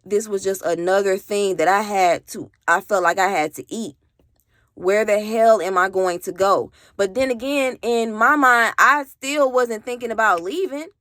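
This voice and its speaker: A woman's voice: mid-range voice, a little slow, a bit bright, no room sound, clean studio sound. A woman vlogger telling a personal story in a casual storytime monologue, emphatic, swearing freely and talking straight to her viewers. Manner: addresses viewers directly.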